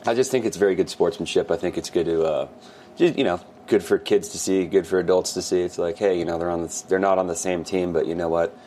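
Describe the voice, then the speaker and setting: A man with a very deep voice co-hosts a casual sports chat, rambling through his points with plenty of fillers. He gets animated when he imitates fans. Faint background noise runs under the recording. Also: fast talker. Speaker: sports podcast co-host.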